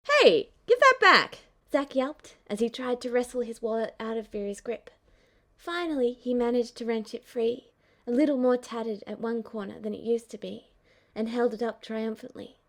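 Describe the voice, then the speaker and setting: A woman narrating a fan-fiction audiobook in a measured, even storytelling manner. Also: fairly high pitch. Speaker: audiobook reader.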